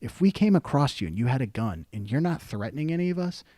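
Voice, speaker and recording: A man's voice: medium pitch, sing-song, fast talker, dark tone, no room sound, studio quality. A young man, a podcast guest and army veteran, telling stories casually and profanely, acting out quotes. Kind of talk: casual storytelling.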